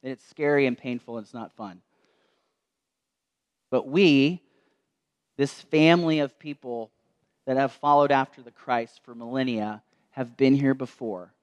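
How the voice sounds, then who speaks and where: A man's voice: mid-range voice, clear, resonant tone, highs cut off. Man preaching a reflective sermon. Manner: storytelling, slows and softens for quoted words. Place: church.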